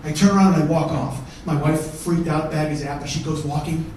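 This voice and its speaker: A comedian telling a story on a theater stage, profane, swinging from shouting to hushed. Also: male voice, fairly high pitch, steady tone, a little fast, very noisy. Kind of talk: stand-up storytelling. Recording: echoey theater from far off.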